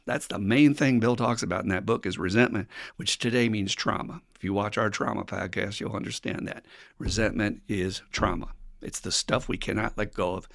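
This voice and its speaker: A man's voice: fairly low pitch, moderate pace, gravelly, fairly bright tone, dry recording, studio quality. An older man hosting a recovery podcast, speaking bluntly and plainly, swearing casually and acting out the voices of people he quotes. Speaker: podcast host.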